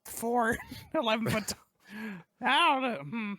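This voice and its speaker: A woman playing a tabletop game in character, unhurried and musing, often trailing off. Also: a little high, a bit bright, no room sound, clean studio sound. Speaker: player.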